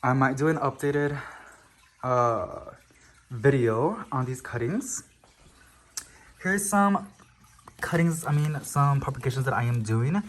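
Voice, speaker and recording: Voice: medium pitch, takes it slowly, long pauses. A houseplant channel host giving a casual tour of their living room plants, gushing with frequent exclamations, filmed at home on a handheld camera.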